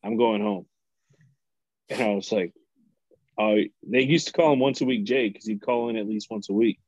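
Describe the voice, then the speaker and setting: This lowish male voice moves at a normal speed, captured in a dry, dull-sounding recording. He's a podcast guest animatedly recounting tales from a former retail job, acting out each character and cursing without restraint.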